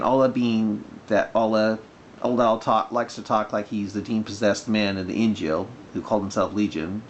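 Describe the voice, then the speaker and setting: Rich: A man in his own voice, mid-pitched, gives rambling, sarcastic commentary for a vlog. The sound is slightly dull and lo-fi, with a faint hiss underneath. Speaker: video blogger.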